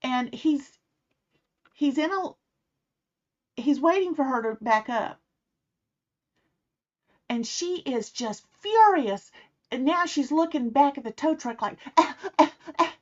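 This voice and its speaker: A middle-aged woman tells a personal story in a relaxed, chatty way. Her voice sits a little high, and she brings the people she quotes to life as she goes. The recording is a bit dull and muffled. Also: slow, pauses often. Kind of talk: casual spoken storytelling. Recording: slightly muffled, dull sound.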